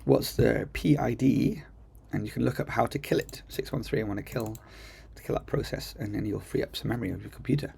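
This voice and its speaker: Chatty guy doing a coding tutorial on screen, gravelly voice, lots of ums. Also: fairly low pitch, quick pace, few pauses, a little mellow, a little hiss or hum. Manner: chatty, enthusiastic, thinks aloud with ums. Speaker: coding teacher. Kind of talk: casual screen-recorded tutorial. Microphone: computer mic while screen recording.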